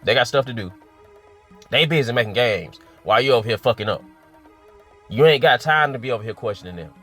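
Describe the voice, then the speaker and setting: A man's voice: mid-range voice, animated, a little fast, a bit bright, faint music behind. Profane, exasperated man ranting. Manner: profane, exasperated, rhetorical questions. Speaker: gaming commentator. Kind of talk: casual opinion rant.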